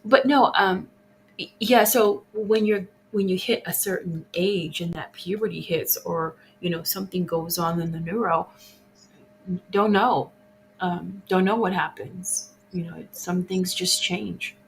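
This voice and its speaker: A woman in casual podcast conversation, reflective and quick to laugh, speaking in short halting bursts. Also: fairly low pitch, fairly even intonation, a little hiss or hum, low-quality recording.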